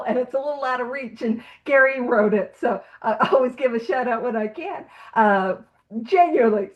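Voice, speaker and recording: A woman with a fairly high voice leads a recovery meeting. She tells a story in a lively, casual way, with frequent laughter. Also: muffled recording. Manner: animated storyteller, laughs often. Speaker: meeting leader.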